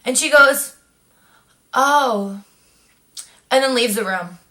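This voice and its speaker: With a high voice and a slow pace, this young vlogger recounts something that happened to her. She keeps it chatty and brings others' words to life by quoting them with animation.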